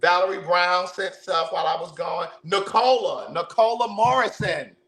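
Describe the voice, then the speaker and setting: A man telling stories loudly and animatedly while cooking, full of profane banter with his viewers. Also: high voice, normal speed, reverberant. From Baltimore, USA. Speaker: vlogger. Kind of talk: casual storytelling while cooking.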